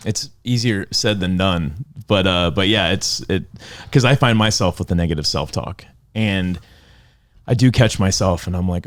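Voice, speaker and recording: A man's voice: low voice, moderate pace. A man co-hosting a podcast in casual chat, reflective and telling personal stories. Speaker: podcast co-host.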